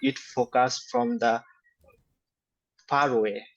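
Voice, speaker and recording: Young man, native Bengali speaker, very slow, hesitant, muffled lo-fi audio. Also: mid-range voice. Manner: slow, hesitant, many fillers and flat syllable-timed delivery. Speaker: test candidate. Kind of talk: spoken exam answers. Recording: dull lo-fi sound.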